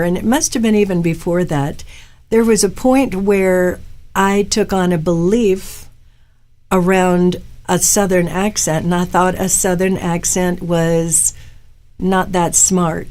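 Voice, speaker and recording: Middle-aged woman host from Florida, slightly low voice, loose rambling live-show chat with frequent tangents. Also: darkish tone. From Tampa, Florida. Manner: chatty, rambling with asides and tangents. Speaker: talk show host and hypnotherapist. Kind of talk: casual live-stream monologue.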